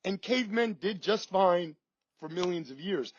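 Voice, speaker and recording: Man, high voice, husky, emphatic guest, dull dry recording. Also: animated, moderate pace, no room sound. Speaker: podcast guest.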